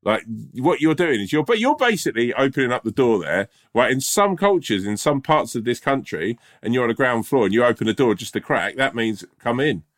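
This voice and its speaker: A man's voice: mid-range voice, sing-song, a little fast, hardly any pauses. A man in casual podcast chat, teasing and interrupting in a mock-earnest way. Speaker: podcast co-host.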